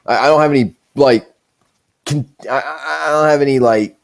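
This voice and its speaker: A man's voice: medium pitch, moderate pace, gravelly. A man hosting a podcast, telling stories in a casual, profane, rambling way. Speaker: show host.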